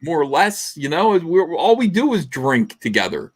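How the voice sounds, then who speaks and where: A man's voice: on the high side, sing-song, normal speed, husky. A man hosting a casual comics livestream, rambling and laughing as he tells stories. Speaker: livestream host. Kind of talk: casual chat.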